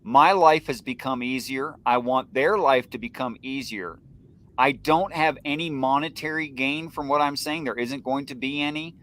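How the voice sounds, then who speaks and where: A man on a livestream panel arguing his view earnestly and telling stories with animated, put-on voices. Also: medium pitch, normal speed.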